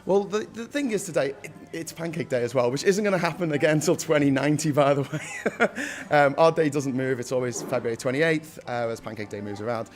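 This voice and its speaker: A man's voice: on the high side, a little fast, soft background music. A young man with a Liverpool accent, chatting upbeat in an interview and laughing often. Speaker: founder of a local food day. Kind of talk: casual interview.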